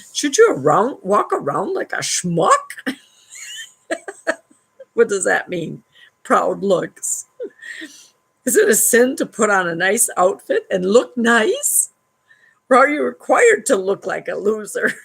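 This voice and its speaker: A woman's voice: mid-range voice, vocal fry, a bit bright, slightly rough, poor audio. A woman hosting a live stream at home, reading a book aloud and adding wry commentary, laughing often between passages.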